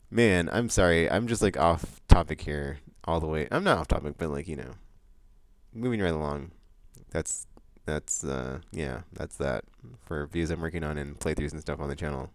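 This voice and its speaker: A man hosting his monthly vlog, chatting loosely with lots of fillers, restarts and bursts of excitement. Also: a bass voice, normal speed, no room sound. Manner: excitable outbursts about upcoming games. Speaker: vlog host. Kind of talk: casual rambling monthly vlog chat.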